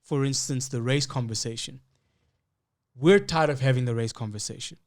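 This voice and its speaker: A man's voice: medium pitch, normal speed. Reflective man musing on a podcast. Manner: reflective, restarts his sentences. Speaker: podcast co-host. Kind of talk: casual chat.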